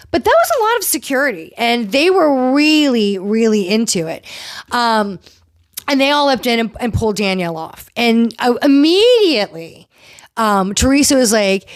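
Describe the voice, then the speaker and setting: A woman's voice: high voice, moderate pace, no room sound, studio quality. Chatty woman recapping reality TV gossip. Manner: chatty, animated, acts out quotes. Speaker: podcast host recapping reality TV.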